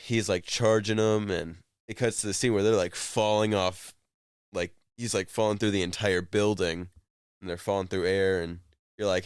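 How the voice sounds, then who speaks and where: A man with a low, smooth, resonant voice co-hosts a casual podcast chat. He rambles through the story of a game scene, leaning on "like" as he goes. The sound is dry and close. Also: steady tone, moderate pace, dry recording. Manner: rambling storyteller, many "like" fillers. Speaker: podcast co-host.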